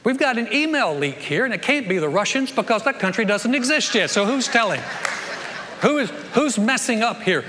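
A man's voice: extremely high pitch, expressive, normal speed, bright, forceful tone, some chatter behind, slight background noise, pitched above the performer's own voice, full character voice. A man voicing an exasperated ancient king who demands to know who is leaking his plans, with an irritated, interrogating manner. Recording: long hall reverb.

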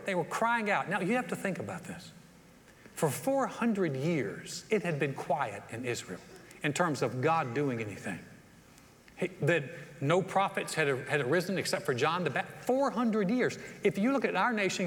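A man's voice: sits high, fairly bright tone, long reverb tail. A man preaching a sermon, telling stories in a folksy way with playful acted asides. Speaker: pastor.

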